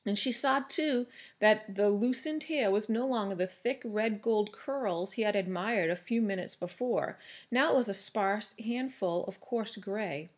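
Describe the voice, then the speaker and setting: A woman's voice: medium pitch, unhurried. Woman reading a novel aloud. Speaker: audiobook reader.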